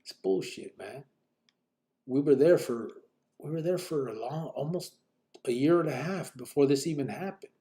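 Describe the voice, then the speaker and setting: A man's voice: a little high, normal speed, mellow. A man telling his own story on a live podcast, blunt and profane, full of fillers. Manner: blunt, profane street talk with many fillers.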